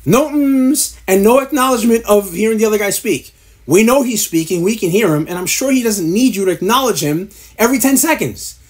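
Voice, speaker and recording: A man's voice: sits high, expressive, a little fast. A man giving blunt, profane podcast advice, exasperated and mocking as he mimics other hosts. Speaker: podcast producer. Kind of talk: ranting advice to camera.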